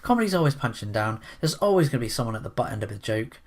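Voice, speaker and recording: A man's voice: mid-range voice, very animated, racing. Rambling, sarcastic man ranting. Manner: rambling and sarcastic, restarts and asides. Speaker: commentary vlogger. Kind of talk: opinionated commentary.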